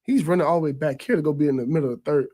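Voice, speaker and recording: A former quarterback in his thirties, with a somewhat high voice, appears as a radio guest and tells old game stories in casual sports talk. He speaks rapid-fire in an animated, loose way, repeating words as he gathers his thoughts. His pitch jumps high whenever he imitates what a teammate said.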